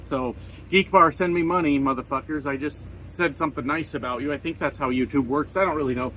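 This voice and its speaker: A man's voice: on the high side, a little fast, bright, forceful tone, a little hiss or hum, poor audio. A trucker in his forties rants to a camera in his parked cab. He is profane, grumbling and sarcastic. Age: 40s. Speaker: trucker vlogger. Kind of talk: casual vlog rant. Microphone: camera set up in front of him.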